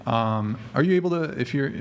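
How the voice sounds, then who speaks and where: A man's voice: medium pitch, animated, brisk. A man hosting a live talk show, joking loosely and running the segment. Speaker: show host. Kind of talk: casual panel banter.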